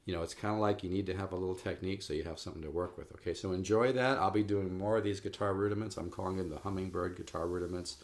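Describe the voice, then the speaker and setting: A man giving a relaxed, encouraging guitar lesson on video, talking straight to his viewers. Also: low voice, racing, few pauses. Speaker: guitar teacher. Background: guitar playing.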